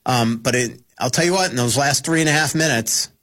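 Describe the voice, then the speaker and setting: Brief: male hockey reporter, radio guest, rambling and casual, mid pitch. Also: fairly quick, a bit bright. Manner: rambling, full of fillers and restarts. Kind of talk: casual radio sports talk.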